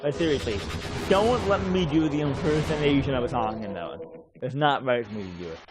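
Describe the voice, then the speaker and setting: A man's voice: medium pitch, expressive, a little fast, loud music behind the voice. A man giving rambling, casual commentary while streaming a game, swearing offhandedly now and then.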